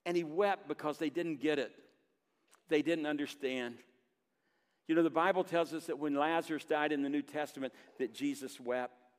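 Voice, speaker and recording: Earnest preaching man in a reverberant hall. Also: fairly high pitch. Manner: earnest preaching, reading scripture aloud with pauses and emphasis. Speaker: pastor. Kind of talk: sermon. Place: church sanctuary.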